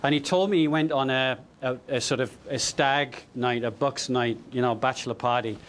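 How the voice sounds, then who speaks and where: A man telling a funny anecdote to an audience, in a lively, chatty way with hesitations and repeated words. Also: mid-range voice, normal speed. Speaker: speaker.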